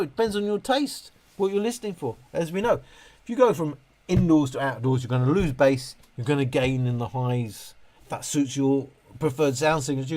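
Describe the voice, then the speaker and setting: A man hosting a casual live stream, reading chat questions aloud and ranting with frequent laughs. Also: mid-range voice. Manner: animated, ranting, laughs often. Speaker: livestream host answering chat questions.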